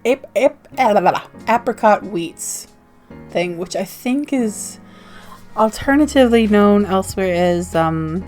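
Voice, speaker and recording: An American woman rambling cheerfully through a casual vlog chat, breaking into giggles between thoughts. Her voice sits at a middling pitch, with faint music playing quietly underneath. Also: animated, unhurried. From United States. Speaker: zine vlogger.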